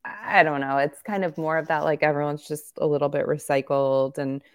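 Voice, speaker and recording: A woman co-hosts a sports podcast in a rambling, candid style, joking as she goes. Her voice sits low with a gravelly fry. A slight cough lingers in her throat. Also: steady tone, moderate pace. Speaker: podcast co-host. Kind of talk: casual sports chat.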